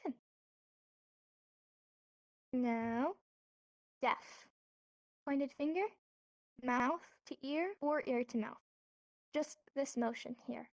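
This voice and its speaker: Woman, sign language instructor, slow and patient, dry close sound. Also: high-pitched, dry recording. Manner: patient, repeats each word slowly. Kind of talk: instructional lesson. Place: virtual reality social space.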